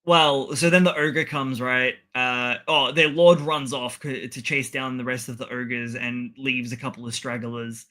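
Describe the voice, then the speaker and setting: A man's voice: mid-range voice, steady tone, a little slow, hardly any pauses, pushed and bright. A man co-hosting a podcast, rambling through an anime recap with frequent laughs and acted-out quotes. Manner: rambling, laughs often, acts out the lines. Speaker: podcast co-host. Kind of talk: casual chat recapping an anime episode.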